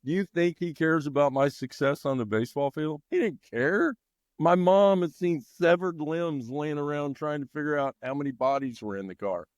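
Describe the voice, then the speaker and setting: A middle-aged man, a longtime baseball coach and teacher, telling stories with lively energy as a podcast guest. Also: a little high, no echo, studio quality. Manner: animated, energetic storyteller. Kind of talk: storytelling in a podcast interview.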